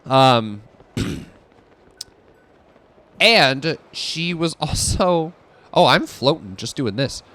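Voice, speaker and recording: A man's voice: a little high, drawn-out words, pauses often. A young man chatting casually and giggling while he streams a game. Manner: animated, giggly and rambling. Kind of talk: casual chat while gaming.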